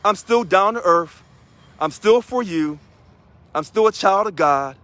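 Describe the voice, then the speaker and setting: Animated, high-pitched man rallying members. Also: a little slow, no echo. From Missouri. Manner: emphatic, repeats key phrases. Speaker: union president. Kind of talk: energetic video address to union members.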